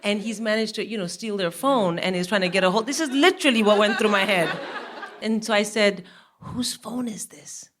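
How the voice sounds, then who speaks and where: A woman in her forties, a guest comedian on a live stage, telling an animated story and laughing as she goes. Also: medium pitch, a little fast, background noise.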